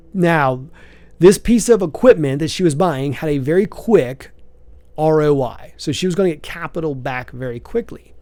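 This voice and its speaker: A man's voice: a little high, dark tone, no echo. A man hosting a podcast, giving earnest, emphatic business advice in a preachy monologue. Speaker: podcast host, business coach.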